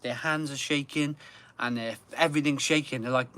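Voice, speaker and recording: A man's voice: mid-range voice, steady tone, moderate pace, pushed and bright. A man hosting a beer channel live stream in casual chat from his garden, rambling and repeating phrases for emphasis. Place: home garden.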